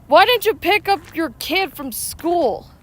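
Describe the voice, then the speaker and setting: A woman streaming a mobile game outdoors, chatting excitedly with viewers and arguing back at them. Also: very high-pitched, a little slow. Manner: excitable, argues back at chat. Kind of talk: casual chat with viewers while playing. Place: outdoors, walking.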